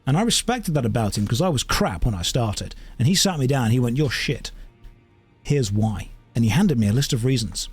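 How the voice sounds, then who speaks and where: A man streaming a game and chatting casually, wandering through anecdotes and tangents in an animated way. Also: mid-range voice, fast, few pauses, slightly rough. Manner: animated storytelling. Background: faint game music.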